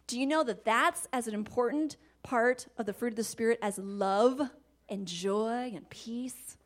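A woman giving a faith-based talk on marriage, animated, laughing often and dropping into soft asides. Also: on the high side, unhurried. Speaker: Christian marriage teacher.

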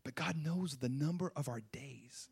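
A man's voice: medium pitch, moderate pace, gravelly, breathy edge. A man preaching a sermon, emphatic and full of rhetorical questions. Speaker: pastor.

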